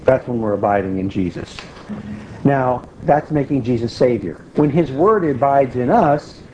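A man's voice: medium pitch, expressive, normal speed, warm tone. A man giving a conversational Bible teaching, explaining patiently and repeating key phrases for emphasis. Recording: dull lo-fi recording with faint hiss.

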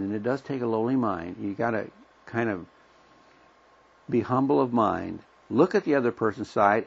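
A middle-aged man leads a Bible study in a folksy, plain-spoken way, acting out little conversations as he goes. His low voice is gravelly and husky. The recording sounds dull and lo-fi. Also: normal speed. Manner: folksy, plain-spoken, acts out everyday dialogue. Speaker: Bible teacher.

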